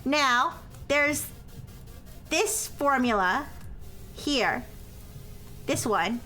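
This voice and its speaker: Woman streamer, high and bright, slow tutoring delivery, apologetic when corrected; faint music underneath. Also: lively intonation. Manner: explains step by step with frequent "okay?" and "all right?" checks; self-described as highly caffeinated. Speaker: streamer working through a math problem. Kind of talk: live-stream explaining math to chat.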